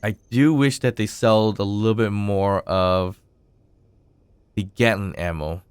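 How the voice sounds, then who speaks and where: Low, smooth-voiced man narrating gameplay. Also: measured pace, no room sound. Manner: relaxed, thinking aloud with frequent fillers. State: recovering from illness, voice still rough. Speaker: gaming channel host. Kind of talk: casual gameplay commentary.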